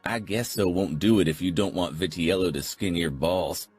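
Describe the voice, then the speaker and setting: A foul-mouthed biker president barks orders and snarls threats, as a male narrator voices him. The voice is very deep and husky. Soft music plays underneath this audiobook scene. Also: moderate pace. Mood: snarling. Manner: snarling, barking orders, profane. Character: furious older male biker club president.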